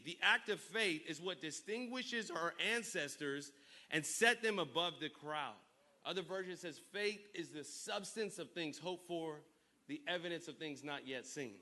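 Male preacher, high voice, very bright and forceful tone, energetic call-and-response sermon. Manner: reads scripture aloud, repeats words. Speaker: pastor.

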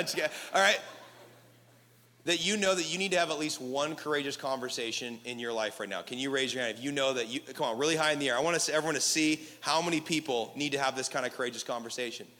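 A male pastor preaching to a live crowd, energetic and casual, leading the room in call-and-response. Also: medium pitch. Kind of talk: sermon. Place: large hall with live audience. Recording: echoey hall reverb.

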